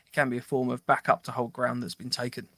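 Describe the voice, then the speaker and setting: A man's voice: medium pitch, little pitch movement, quick pace, bright, forceful tone, no echo. A man co-hosting a podcast, chatting casually and reading listener comments aloud, laughing easily. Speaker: podcast co-host.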